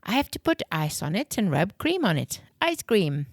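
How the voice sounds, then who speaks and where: A woman's voice: medium pitch, big pitch swings, normal speed, no room sound, clean studio sound. A woman voicing a playful, silly young boy in a children's audio story. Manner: playful, giggly.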